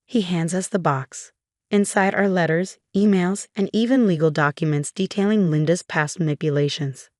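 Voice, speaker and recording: A woman tells a dramatic first-person story in a plain storytelling manner. Her voice sits a little low. The sound is dry and close. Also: moderate pace, a little mellow, dry recording. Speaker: narrator.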